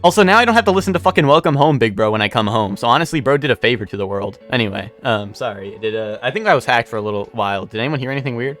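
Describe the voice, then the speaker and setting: A man's voice: mid-range voice, animated, rapid-fire, hardly any pauses, a bit bright, faint music behind. A man streaming a video game, rambling in casual commentary, swearing often and repeating himself.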